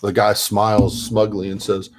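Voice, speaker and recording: A man's voice: lowish voice, flat delivery, moderate pace, a little hiss or hum. A man telling a rambling, self-interrupting tabletop gaming story in a casual way while painting at his hobby desk. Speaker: miniature painter and tabletop gamer.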